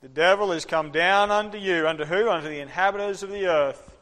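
A man preaches a lively, interactive sermon at a fairly quick clip, breaking into short acted voices along the way. His voice runs fairly high for a man and echoes with the long reverb of a church hall.

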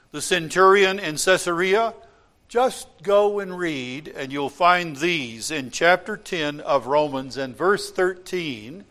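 A man preaching a sermon in a church, swinging from loud impassioned cries to quiet asides. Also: fairly high pitch. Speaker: pastor.

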